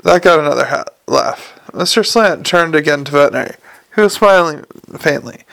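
Man, audiobook narrator, gravelly voice, slightly high pitch, expressive. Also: fairly quick. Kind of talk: scripted narration.

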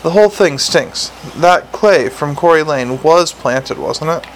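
A man reading a storybook who voices a weary middle-aged male watch commander, sarcastic and exasperated, with a gravelly voice. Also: on the high side, unhurried, slight background noise, lightly acted, rough recording. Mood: stern.

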